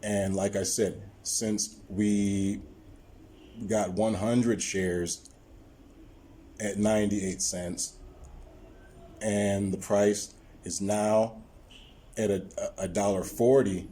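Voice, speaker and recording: A man talking viewers through his stock trade on screen, halting often with repeated words and fillers. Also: on the low side, warm tone. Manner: explaining to viewers. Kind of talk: screen-recorded trading walkthrough.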